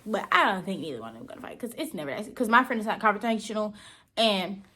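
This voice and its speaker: A woman's voice: medium pitch, expressive, fast talker, sharp tone, slightly rough. A teenage girl from Georgia, telling a story in a chatty, slangy, playful way in a casual vlog. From Georgia, USA. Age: teens. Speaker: vlogger.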